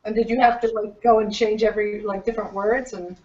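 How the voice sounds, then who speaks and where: A woman hosting a book club video call, asking questions haltingly and searching for words. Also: medium pitch, steady tone, a little mellow. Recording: echoey distant lo-fi video call.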